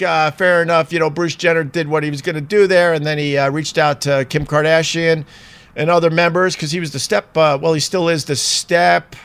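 A man's voice: on the high side, fairly bright tone. A man in a rambling, chatty commentary full of fillers. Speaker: vlogger. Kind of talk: casual commentary.

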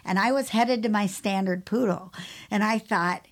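A woman's voice: medium pitch, normal speed. A woman co-hosting a grooming podcast, chatting casually, sympathetic but teasing, and laughing easily. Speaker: podcast co-host, dog groomer. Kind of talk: casual chat.

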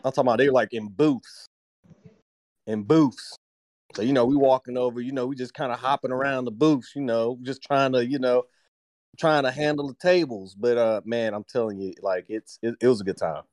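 A man's voice: mid-range voice, normal speed, a little mellow, no room sound. Guy cohosting a podcast, laughs a lot, slangy storytelling, dry close mic. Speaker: podcast co-host. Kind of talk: casual chat.

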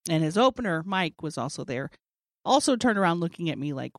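Her voice on the low side and her delivery slightly quick, a woman in her forties spins a lengthy comic tale in relaxed chat. She plays out people's lines with gusto and laughs a lot, and the studio-quality recording has no audible room.

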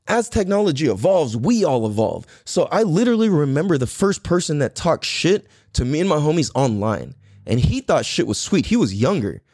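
Animated, profane man telling a story. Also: no echo, studio quality. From San Diego, California. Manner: profane, animated, acts out quotes in a louder higher voice. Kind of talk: casual storytelling.

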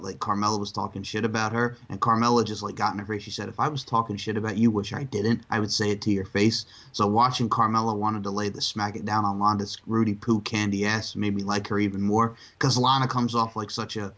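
A man co-hosting a casual wrestling chat, animated and profane, often mocking others in a shrill voice. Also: highs cut off. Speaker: podcast co-host.

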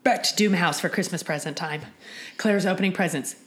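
A woman casually recapping a TV episode with a co-host, laughing often and swearing freely in an animated retelling. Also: on the low side, brisk, roomy sound. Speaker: podcast co-host.

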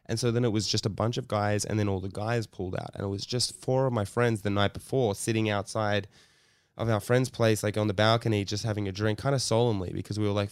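A man's voice: lowish voice, fairly even intonation, a little fast, darkish tone, clean tone, dry recording, studio quality. A man co-hosting a podcast, telling a story in a rambling, casual way full of likes and restarts. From Australia. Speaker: podcast co-host.

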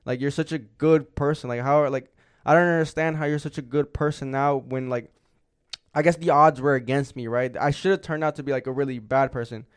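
A man's voice: medium pitch, steady tone, fairly quick, smooth. A young man co-hosting a podcast, telling a long story in casual chat, rambling and swearing with lots of filler words. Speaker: podcast co-host.

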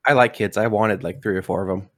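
A young man, a father and podcast co-host, chatting casually in a relaxed, rambling way. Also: on the low side, fast talker, no echo, studio quality. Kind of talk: casual chat.

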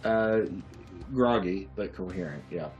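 Man, game master, very low voice, hesitant, rambling narration. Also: measured pace, darkish tone, lo-fi sound, faint music behind. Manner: rambling, hesitant with many fillers.

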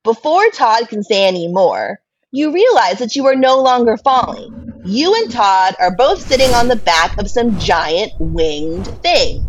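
A woman reading a choose-your-own-adventure story aloud to a friend as game master, laughing often and jumping to high voices for quotes. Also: sing-song, a little slow, few pauses. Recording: dull lo-fi podcast mic with faint noise.

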